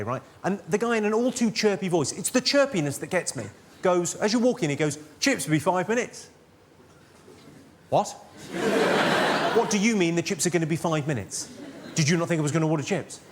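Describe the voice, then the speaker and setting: A man doing stand-up comedy, delivering deadpan one-liners and bantering with the crowd in a large theatre. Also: a little high, slight background noise. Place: large theatre with live audience. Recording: loud audience laughter behind.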